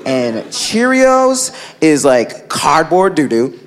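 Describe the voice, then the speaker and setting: A young male stand-up comedian telling an animated, filler-heavy story on a club stage. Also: on the high side, slow pace. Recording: noisy live club with crowd laughter. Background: audience laughter and room noise.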